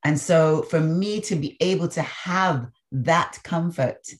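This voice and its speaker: Woman, from the Caribbean, very low voice, podcast guest, expressive storyteller. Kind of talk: storytelling in a conversational interview.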